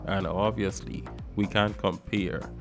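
A Guyanese radio show host with a Guyanese accent gives a casual talk-show monologue, animated and emphatic. His low voice moves at a measured pace, swinging between loud stresses and soft asides, with faint music behind.

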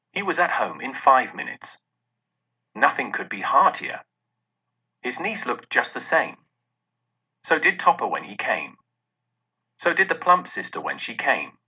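A man narrates a classic tale with expressive, lively storytelling, his pitch rising and falling widely. His tone is sharp and bright but husky, in a dull lo-fi recording. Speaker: audiobook narrator. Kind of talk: scripted narration.

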